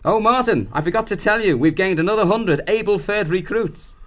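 A man's voice: high voice, lively intonation, moderate pace, a bit bright, voice pushed up. A man voicing a hearty, bluff male shrew chieftain back from scouting. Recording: dull lo-fi audio.

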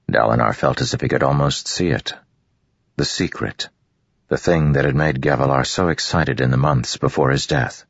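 Male audiobook narrator with a gravelly bass voice and a dry, dull sound; reads steadily. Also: normal speed, dry recording. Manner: steady, even storytelling. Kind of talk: scripted fantasy narration.

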